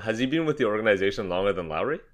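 A young man hosting a casual sports podcast, upbeat and joking, quick to laugh. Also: on the low side, expressive. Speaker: podcast host. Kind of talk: casual basketball podcast chat.

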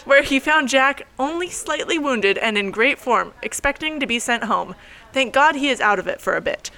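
A woman co-hosting a podcast in casual chat, playful and quick to laugh, recorded in a bookstore. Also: high-pitched, lively intonation, pushed and bright. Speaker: podcast co-host. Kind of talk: casual chat, reading a quote. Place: bookstore with shoppers around.

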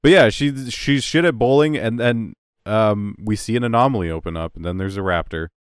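A man's voice: lowish voice, fairly quick, smooth, no echo, clean studio sound. A man co-hosting a podcast in casual chat, joking dryly and playfully. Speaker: podcast co-host.

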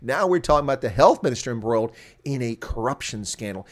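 A man reads and picks apart the day's headlines, his voice pitched in the middle range. He talks with biting sarcasm and open scorn for the officials he reports on. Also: lively intonation, quick pace. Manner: sarcastic, scornful, laughs at the news. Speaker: news commentator. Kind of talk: opinionated news commentary.

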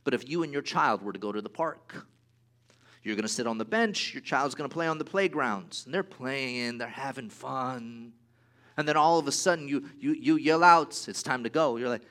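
A man preaching a sermon to his church, swinging from hushed asides to raised exclamations and acting out little dialogues in different voices. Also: medium pitch, expressive, normal speed. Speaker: pastor.

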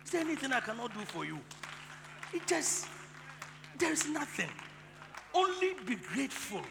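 A male pastor preaching a sermon, leading the congregation in call and response and building up to shouting. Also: extremely high pitch, sing-song, moderate pace, gravelly, a crowd in the background, noisy background. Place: large church hall. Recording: reverberant hall with music.

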